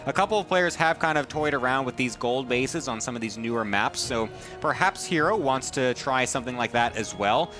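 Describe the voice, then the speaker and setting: A man casting a live esports match, energetic and chatty, laughing often. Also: mid-range voice, fairly quick, hardly any pauses, music in the background. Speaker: esports caster. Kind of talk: live game commentary.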